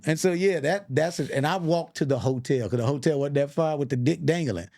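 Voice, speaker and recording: A man in his forties with a dark-toned voice on the high side, talking a little fast, appears on a podcast as a guest comedian and actor. He tells profane, animated stories, doing other people's voices and laughing along.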